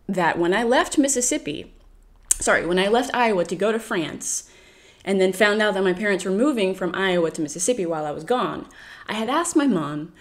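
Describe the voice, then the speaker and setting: On a podcast, an American woman tells a travel story casually and with lots of animation, often laughing and acting out the people she quotes. Her voice is mid-range and her speed is normal.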